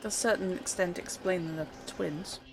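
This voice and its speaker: Lady streamer chatting dryly over gameplay, lowish voice, bouncy delivery, faint music. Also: moderate pace. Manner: wry, chatty, talks to her chat. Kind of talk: casual gameplay commentary.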